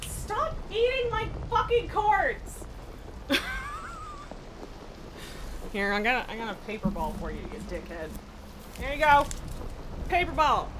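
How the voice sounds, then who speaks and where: A woman's voice: on the high side, noisy background. A woman live-streaming in casual chat, laughing often, swearing and scolding her pet from her home streaming room.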